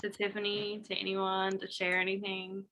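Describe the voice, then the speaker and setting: A woman leading a group talk, briskly inviting others to speak. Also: medium pitch, completely flat delivery, pushed and bright, low-quality recording. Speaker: group leader. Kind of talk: casual group hosting.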